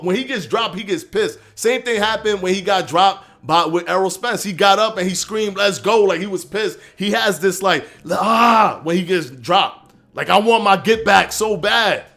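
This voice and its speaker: A man hosting a live stream, arguing his points and answering chat comments in a casual, animated way. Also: high-pitched. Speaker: livestream host reading chat.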